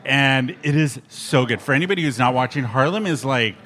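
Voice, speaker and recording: A man's voice: mid-range voice, fairly quick, fairly bright tone. A man hosting a podcast, chatting casually and laughing often, recorded live in a bar. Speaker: podcast host. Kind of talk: casual chat.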